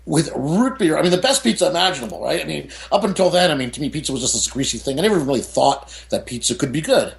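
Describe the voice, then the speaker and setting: A man's voice: a little high, expressive, quick pace, gravelly, few pauses. A middle-aged man from the United States, an author talking as a guest, telling candid stories with lots of "you know" and "I mean" asides. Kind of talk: candid storytelling in an interview.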